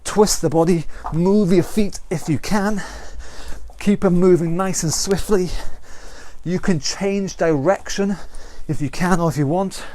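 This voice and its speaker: A man's voice: sits high, measured pace, mellow. A man with a British accent leading an online exercise class, counting down rounds and calling out moves with encouragement. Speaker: fitness instructor.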